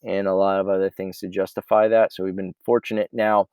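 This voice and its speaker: A man who runs a meal prep business, casually walking through his ordering software and thinking aloud as he goes. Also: sits low, flat delivery, a little fast, clear, resonant tone, no room sound. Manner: rambling and offhand, thinking aloud.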